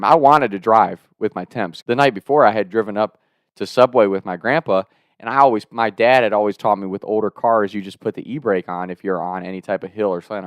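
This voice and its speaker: A young man in his twenties telling a wild story in a casual, animated way, swearing and laughing as he goes. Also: on the low side, dry recording, clean studio sound. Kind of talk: casual spoken anecdote.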